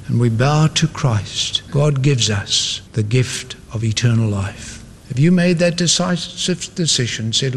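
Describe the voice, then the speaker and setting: A man's voice: mid-range voice, unhurried, hardly any pauses, slight background noise. A man preaching an evangelistic sermon with an emphatic, repetitive cadence. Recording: long hall reverb.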